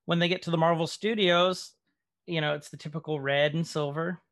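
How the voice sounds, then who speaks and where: A man talks through a show episode in a loose, rambling way, with lots of ums and asides. His voice sits a little high. The sound is dry and close, with no room echo. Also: steady tone, fairly quick, fairly bright tone. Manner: chatty, rambling with many ums. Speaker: podcast host. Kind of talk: casual recap chat.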